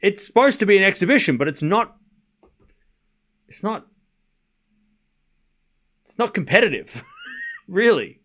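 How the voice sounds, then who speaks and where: A man's voice: high-pitched, very animated, unhurried, pauses often, fairly bright tone. A man hosting a live tennis watchalong stream, rambling casually, tossing rhetorical questions and sarcastic asides to his chat between score calls. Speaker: stream host and tennis commentator. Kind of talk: casual livestream commentary.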